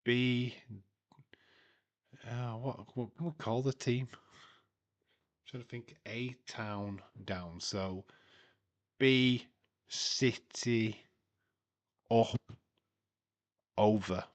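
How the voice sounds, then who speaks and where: A man's voice: medium pitch, steady tone, very slow, long pauses. A man hosting a live watch-along stream, chatting casually, laughing and making puns. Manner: chatty and jokey, laughing at his own puns. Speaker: livestream host.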